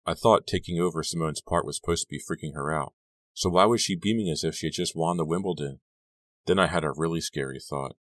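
A man reading a first-person story as an audiobook narrator, steady and measured. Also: rumbling low, no room sound.

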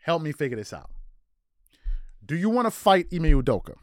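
A man's voice: fairly high pitch, very animated, a little fast, no echo, clean studio sound. A man hosting a sports commentary show, firing off incredulous rhetorical questions.

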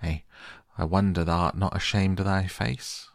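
A man voices a stubborn young girl from a storybook, speaking softly and slowly. His voice stays deep and gravelly, recorded close and dry. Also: steady tone, no echo. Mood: playful.

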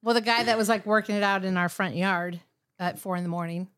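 An easygoing woman tells a story in a casual podcast chat, giggling along. Her voice is mid-pitched and plain. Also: steady tone, quick pace, a bit bright, smooth.

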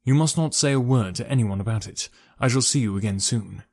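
A man reading the lines of a scheming, greedy army major in an audiobook, in a halting, guarded way. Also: medium pitch, darkish tone, lightly acted. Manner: halting, guarded officer's speech.

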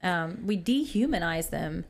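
A woman's voice: fairly low pitch, animated, a little slow, creaky. A woman co-hosting a faith podcast in casual chat, speaking in a heartfelt, emotional and earnest way. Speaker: podcast co-host. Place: office used for recording podcasts.

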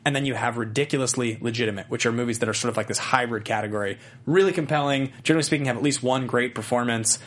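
A man rattling through a casual movie podcast at a brisk clip, talking at length and explaining as he goes. His voice sits at an ordinary middle pitch for a man. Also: a bit bright. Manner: quick, chatty, explains at length. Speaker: podcast host.

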